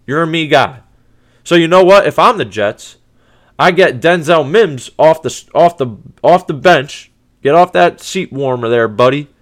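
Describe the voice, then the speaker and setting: A man hosting a sports podcast, ranting in a heated, profane, exasperated way, with many restarts. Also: on the high side. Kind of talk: casual sports rant.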